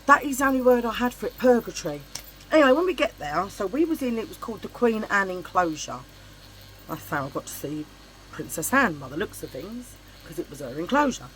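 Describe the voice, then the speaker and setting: A woman's voice: mid-range voice, brisk, a little hiss or hum, low-quality recording. Chatty, blunt woman vlogger. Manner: chatty, animated and blunt, swears freely, acts out voices in her anecdotes. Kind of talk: casual storytelling chit chat.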